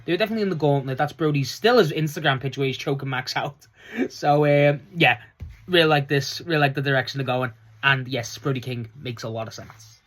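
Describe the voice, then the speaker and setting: A wrestling fan reviewing last night's show in a loose, chatty vlog, swearing freely and laughing often, with the voice jumping up high when excited. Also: a little fast. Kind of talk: casual solo review vlog.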